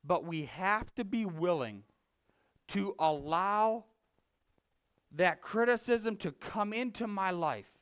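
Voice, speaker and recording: A man preaching a conversational sermon, telling a folksy story with frequent restarts and swinging between loud emphasis and quiet confession. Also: high voice, lively intonation, slow pace, long pauses, clear, resonant tone. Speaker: lay preacher.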